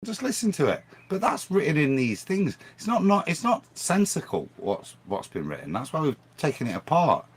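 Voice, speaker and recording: A man talking on a livestream, arguing hard and restarting his phrases as he goes. His pitch jumps up and down a lot. He sounds like he is set on making his point. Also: moderate pace, hardly any pauses, slightly rough. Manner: animated, argumentative, restarts phrases. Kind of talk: casual livestream discussion.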